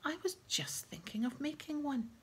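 A woman reading a gentle, kindly male teacher. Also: high voice, sing-song, moderate pace, pitched above the performer's own voice. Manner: gentle, friendly.

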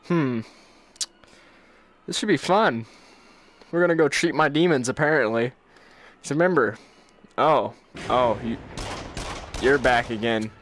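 A man's voice: medium pitch, slow pace, pauses often, fairly bright tone, a little hiss or hum. A man hosting a gaming channel, giving let's-play commentary while nervous, jumpy and laughing often.

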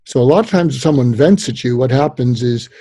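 A man with a husky, mellow voice explains his advice as an interview guest. He talks in an animated, emphatic way with plenty of "you know" fillers. The recording is dry and close. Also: medium pitch, fairly quick, no room sound. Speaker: guest psychologist and author.

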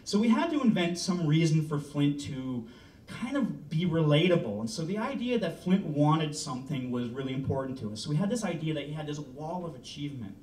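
Man pitching a story casually. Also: big pitch swings, a little fast, a little mellow. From Canada. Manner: loose, joking, swears casually. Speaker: film director giving a talk. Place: presentation room. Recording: roomy, from far off, faint rumble.

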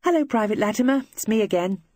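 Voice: mid-range voice, sing-song, moderate pace, breathy edge, dry recording. A reader voicing a young female wartime nurse who is earnest, kindly and coaxing. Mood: cheery. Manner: bright, coaxing, encouraging.

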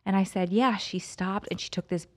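A woman's voice: mid-range voice, moderate pace. A middle-aged woman co-hosting a podcast, telling a story in casual conversation and acting out what others said. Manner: animated, acts out quoted voices. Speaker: podcast co-host.

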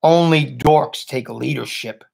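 A man's voice: mid-range voice, takes it slowly, creaky, a little mellow, breathy edge, heavily acted. A man voicing a sarcastic young schoolboy who taunts and mocks in a raised, pointed voice. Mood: mocking. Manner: taunting, mocking. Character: snide sarcastic schoolboy, about ten.

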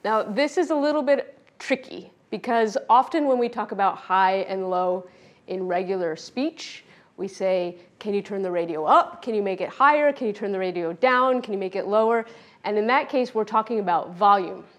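A woman teaching a children's music lesson, speaking clearly and playfully, often demonstrating with her own voice. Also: medium pitch, normal speed. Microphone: pre-recorded video lesson.

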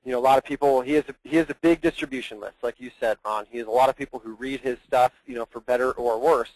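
A man's voice: mid-range voice, fairly even intonation, fast, darkish tone, no echo, low-quality recording. A man acting as plan administrator guest on a training call, explaining earnestly and at length, often repeating his words.

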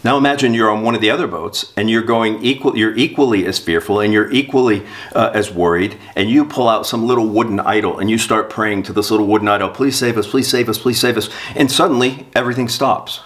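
Man, pastor, low deep voice, church sermon, reads passages aloud, leads prayer. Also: fast, a bit bright. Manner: reads aloud from a storybook and a catechism, then prays.

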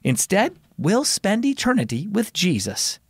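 A man voicing a calm mother in a children's story, gently explaining things to her kids. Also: high voice, measured pace, breathy edge, dry recording, studio quality, voice pushed up, exaggerated voice. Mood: reassuring.

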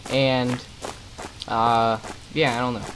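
A man's voice: medium pitch, flat delivery, slow, a bit bright, a little hiss or hum, poor audio. A young man commentating a horror game as he plays, swearing often and tossing out sarcastic, irritated asides. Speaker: gaming commentator. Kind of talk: let's play commentary.

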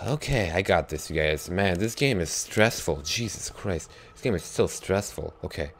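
A young man talks through a horror game in a lively voice that jumps around a great deal. He mutters under his breath, then breaks into startled yelps. It sounds like casual let's play commentary into a desk mic. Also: low-pitched, normal speed, hardly any pauses. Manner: jittery, swings from hushed muttering to yelps. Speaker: gaming YouTuber.

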